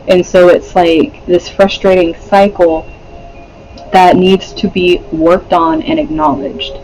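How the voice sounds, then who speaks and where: High-voiced man giving a rambling tarot reading. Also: slow pace, gravelly, a little mellow, a little hiss or hum, low-quality recording. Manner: rambling, laughs often, swears, many fillers. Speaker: tarot reader. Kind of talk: casual pick-a-card reading.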